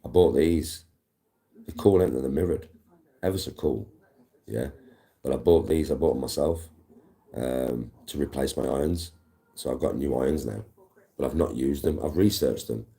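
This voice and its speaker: A man's voice: very deep voice, moderate pace, gravelly, pauses often, warm tone. A man, chatting casually on a live stream, swearing freely and greeting viewers. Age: 40s. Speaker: livestreamer.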